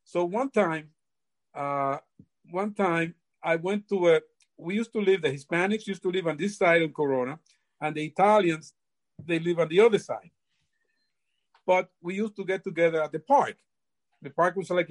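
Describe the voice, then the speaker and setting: Older man, halting, repeats himself. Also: on the high side. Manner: halting, repeats words often. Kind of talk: casual storytelling.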